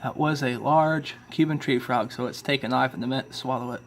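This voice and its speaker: A man's voice: medium pitch, a little fast, slight background noise. Congested man chatting about his pets. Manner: relaxed, chatty, apologetic asides. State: congested from illness. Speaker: pet keeper filming his animals. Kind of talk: casual narration while filming. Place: home, dimly lit room with tanks.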